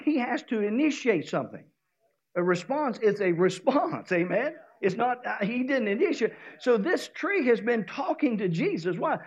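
Man, Southern preacher, high and lively voice, storytelling sermon, dull lo-fi recording. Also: slightly rough. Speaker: pastor.

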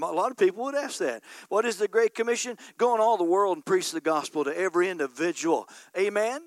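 A man's voice: high-pitched, fairly bright tone, no room sound. A man preaching a sermon as a pastor, emphatic and repeatedly calling out to the congregation for an "Amen". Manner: emphatic preaching, punctuated by frequent call-outs of "Amen?".

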